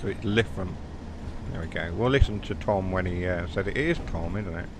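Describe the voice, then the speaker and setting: This man has a deep voice and a West Country accent from South West England, and he talks a little fast. He chats and rambles casually while streaming a train game, now and then mocking himself. The background is noisy.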